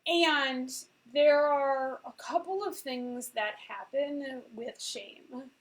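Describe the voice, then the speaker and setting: A woman's voice: high-pitched, takes it slowly, rough recording. A woman in her forties, a veterinarian and coach, giving a casual motivational talk and often checking in with "okay?". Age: 40s.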